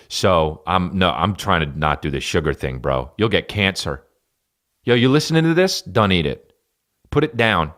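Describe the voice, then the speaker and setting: Deep-voiced man ranting profanely. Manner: profane, rambling comic riffing with sudden loud jumps. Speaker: podcast host and stand-up comedian. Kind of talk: casual solo podcast rant.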